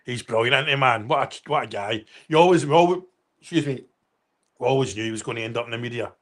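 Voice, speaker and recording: A man's voice: medium pitch, quick pace. A Scottish man hosting a casual livestream, rambling and swearing as he reads out viewer comments. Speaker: livestream host.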